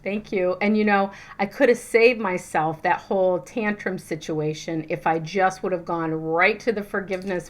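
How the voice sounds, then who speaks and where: Woman, middle-aged, spiritual coach, casual teaching talk, chatty, animated, lots of fillers. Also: lowish voice.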